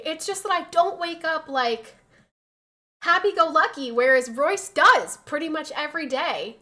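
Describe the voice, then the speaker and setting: A young woman streamer casually chats with her viewers while reading their messages, laughing often and acting out what others said. Her voice sits high and sounds bright and forceful, with lively intonation and a moderate pace.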